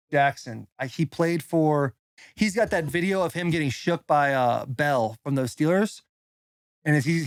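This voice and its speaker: A young man co-hosting a podcast, telling crude, fast stories with bursts of laughter. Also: a little high, dry recording, clean studio sound. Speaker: podcast co-host, football player. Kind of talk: casual podcast chat.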